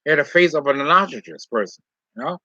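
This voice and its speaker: Man, rambling storyteller, higher-pitched, sharp forceful tone, dry dull recording. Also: animated, fast talker, no room sound. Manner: rambling, repeats "all right?" and "okay?", heated when retelling. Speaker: vlogger telling a personal story. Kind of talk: casual storytelling monologue. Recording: dull lo-fi sound.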